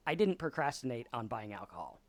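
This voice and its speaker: A man's voice: mid-range voice, sing-song, a little fast, no echo. A man hosting a sobriety talk, explaining ideas at a whiteboard in a casual, conversational lecture style and acting out quoted voices. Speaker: podcast host.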